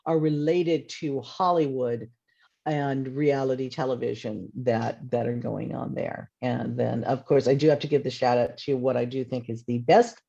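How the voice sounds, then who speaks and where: A woman's voice: rumbling low, moderate pace, vocal fry, husky. A woman author on a convention panel, telling stories in a chatty way and acting out bits of dialogue. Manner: chatty storytelling with lively re-enacted dialogue. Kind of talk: casual panel talk. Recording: slightly muffled audio.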